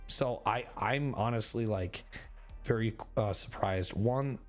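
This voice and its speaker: Hoarse rambling male streamer. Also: on the low side, soft background music. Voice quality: raspy. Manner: rambling, filler-heavy, halting. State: hoarse, recovering voice. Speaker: game streamer. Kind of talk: casual chat to stream viewers. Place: bedroom at home.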